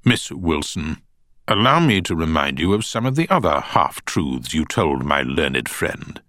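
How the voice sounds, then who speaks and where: A cool trial barrister, read by a male narrator pressing a witness with measured, pointed questions. The voice sits low but moves a good deal in pitch. The recording is dry and close. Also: sing-song, pushed and bright, no room sound, full character voice. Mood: probing. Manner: measured, pointed cross-examining. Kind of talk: audiobook character voice.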